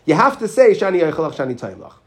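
High-voiced man teaching a Talmud class. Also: sing-song, racing, fairly bright tone. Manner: questioning, repeats Hebrew phrases in a chanting rhythm.

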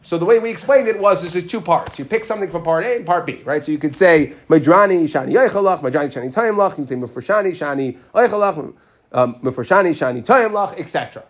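A man's voice: a little high, expressive, fast talker. A man teaching a Talmud class, walking through the text with questions and repeating Hebrew phrases in a chanting rhythm.

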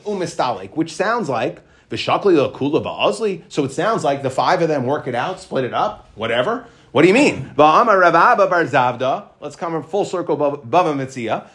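A man's voice: fairly high pitch, a bit bright. A man teaching a Talmud lesson, explaining step by step, mixing Hebrew and Aramaic terms into English and checking in with "right?".

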